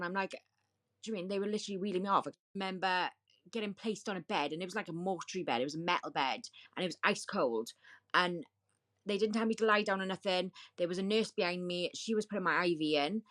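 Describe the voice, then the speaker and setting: Low-voiced woman telling her story. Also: quick pace, a bit bright. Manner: vivid, repetitive retelling with quoted dialogue. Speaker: guest. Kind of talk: personal storytelling in a podcast interview.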